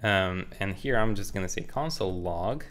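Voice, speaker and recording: A man's voice: low-pitched, lively intonation, moderate pace, a bit bright. Upbeat young man teaching code. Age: 20s. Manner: upbeat, joking, explains while typing. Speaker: programming tutor. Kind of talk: casual coding tutorial. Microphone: studio condenser mic.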